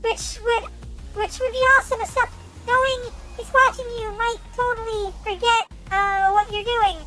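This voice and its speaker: Very high-pitched animated young woman streamer. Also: normal speed, faint music behind, low-quality recording. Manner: animated, reads lines aloud with stumbles and excited outbursts. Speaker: VTuber streamer. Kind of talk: reading a game's text aloud with commentary.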